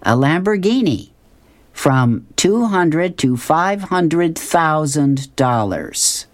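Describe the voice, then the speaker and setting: A teasing comic-strip father, voiced by a woman reading aloud who makes deadpan jokes. The voice is very low and slow. It sounds close and dry. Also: no room sound, full character voice. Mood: joking. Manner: dry, joking. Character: dry-witted dad teasing his son.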